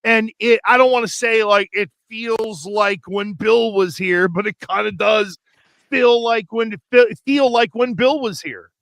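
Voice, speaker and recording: A man talks sports with a high, bright, ringing voice. He piles one thought onto the next as he tells animated stories. The studio sound is dry and close. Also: vocal fry, no room sound. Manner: animated storytelling, rapid, run-on. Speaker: sports talk show co-host. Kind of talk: casual sports talk.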